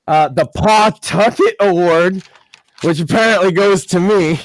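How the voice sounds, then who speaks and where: A man co-hosting a podcast, reading out mock award nominations in a deadpan way with many filler uhs. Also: sits high, unhurried. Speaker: podcast co-host.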